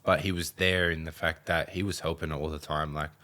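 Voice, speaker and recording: A man's voice: extremely low pitch, little pitch movement, fairly quick, pushed and bright. A young man with an Australian accent, chatting as a podcast guest in a rambling way full of "like". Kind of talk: casual podcast chat.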